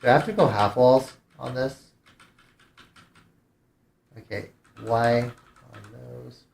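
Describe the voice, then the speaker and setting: A man's voice: mid-range voice, slow pace, vocal fry, darkish tone, echoey room. A man streamer giving casual gameplay commentary, thinking aloud with hesitant restarts. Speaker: game streamer.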